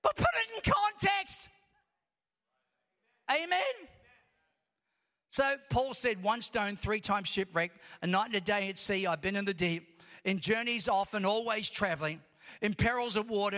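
A man preaching a sermon as pastor, impassioned and building to shouts as he reads scripture in long rhythmic lists. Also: high-pitched, normal speed. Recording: long reverb of a large hall.

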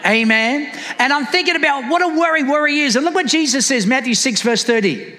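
A man's voice: extremely high pitch, expressive, a little fast, sharp tone, big-room sound. A man preaching a sermon as a pastor, calling out to the congregation with rising fervor.

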